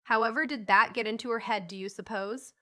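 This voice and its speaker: A woman voicing a stern, hardworking mother who speaks in a measured, firm way in a storybook reading. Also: on the high side, pushed and bright.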